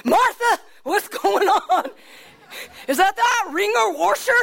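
Lady doing a flustered farmer guy, all excited and startled, squeaky high. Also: moderate pace. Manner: exclaiming, flustered.

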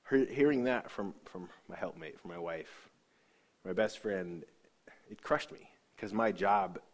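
A man giving an emotional personal testimony. He talks earnestly, often sinks to a soft hush, and restarts his sentences. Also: fairly low pitch.

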